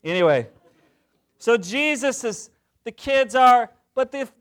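A middle-aged man preaching a sermon, jokey and animated, swinging from loud to hushed. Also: extremely high pitch, takes it slowly. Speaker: pastor.

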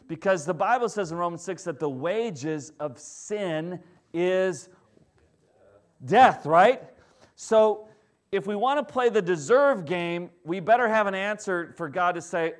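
Swinging from loud emphasis to hushed, low stresses, a pastor delivers his sermon in a conversational manner. He keeps checking in with his listeners.

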